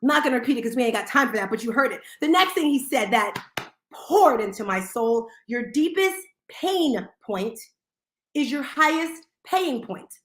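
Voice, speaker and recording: A woman hosting a live audio room, talking in an energetic, motivational way with quick asides. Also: high-pitched, reverberant. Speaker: show host.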